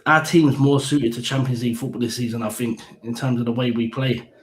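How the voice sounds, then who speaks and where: A man's voice: medium pitch, fairly even intonation, a little fast. A man giving blunt, heated opinions on a casual football live stream, swearing freely. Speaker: fan pundit. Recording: echoey room with faint background hiss.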